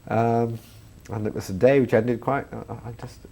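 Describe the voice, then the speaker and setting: A man's voice: mid-range voice, fairly even intonation, fairly quick, creaky, dark tone, breathy edge. A man, a comedian and filmmaker chatting in an interview and laughing through his stories. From England. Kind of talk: interview anecdotes.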